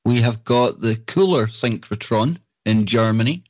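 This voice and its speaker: A man's voice: mid-range voice, a little slow, no echo, muffled recording. A man hosting a live talk show, chatting casually and reading out lists with enthusiasm. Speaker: show host.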